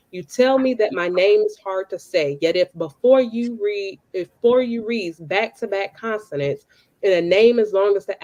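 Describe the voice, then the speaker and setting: A woman from Chicago performs her spoken word poetry in an interview. Her delivery is rhythmic and emphatic, her voice sitting at an ordinary middle pitch. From Southside of Chicago. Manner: relaxed, casual talk with fillers when chatting. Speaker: poet.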